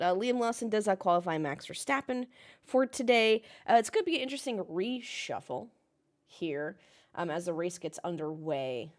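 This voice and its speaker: Young woman, casual livestream chat, talkative, reads out chat comments, blunt and a bit sweary. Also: lowish voice. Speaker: livestream host watching a race with chat. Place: home, in Melbourne.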